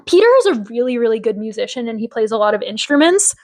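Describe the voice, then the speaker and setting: Female podcast co-host, raised pitch, opinionated casual recap delivery. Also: animated, fast talker, darkish tone. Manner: opinionated, rambling, lots of fillers. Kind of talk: casual chat recapping a TV episode.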